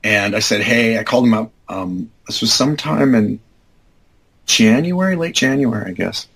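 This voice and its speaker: An interview guest in his fifties with a husky voice spins casual anecdotes, expressive and fairly bright in tone, speaking at a normal speed. His storytelling wanders, he keeps correcting himself and leaning on fillers, and he leaps up in pitch to voice the people he quotes. The recording is low quality.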